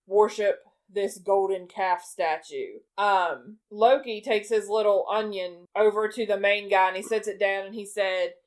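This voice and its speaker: A woman co-hosting a podcast, chatting casually as she retells a film in a lively way and laughs often. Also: medium pitch, unhurried, hardly any pauses. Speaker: podcast co-host. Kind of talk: casual chat recapping a film.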